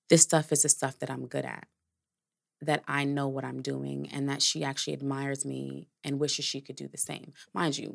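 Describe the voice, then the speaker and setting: A woman with a bass voice and vocal fry hosts a podcast, telling a personal story candidly and reflectively, with casual swearing and filler words.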